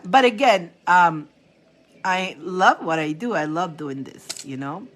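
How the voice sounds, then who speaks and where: Woman reader w/ a chatting on a live stream, animated, laughs a lot. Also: fairly low pitch, measured pace. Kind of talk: casual live-stream chat.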